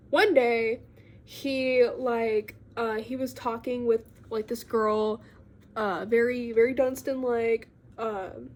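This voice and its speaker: A young woman with a slightly high voice recaps a book in a loose, rambling way. She fills her talk with fillers and little giggly asides, chatting casually to her viewers. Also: a little mellow. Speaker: book vlogger.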